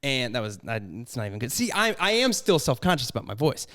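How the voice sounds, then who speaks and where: A young man co-hosting a podcast in casual chat, rambling and self-deprecating, with high tones he can drop low, talking into a studio mic in his apartment. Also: sing-song, quick pace, fairly bright tone. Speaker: podcast co-host and editor. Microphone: studio microphone with headphones.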